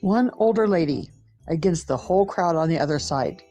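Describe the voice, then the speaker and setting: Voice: mid-range voice, lively intonation, normal speed, dark tone, lo-fi sound, faint music behind. A narrator giving scripted commentary over a clip, with snarky, mocking asides.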